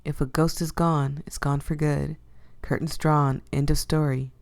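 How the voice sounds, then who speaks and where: A woman's voice: sits low, level tone, a little slow, vocal fry, darkish tone. A woman voicing a grumpy, brooding young male ghost-catcher in a visual novel, curt and dry. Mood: somber.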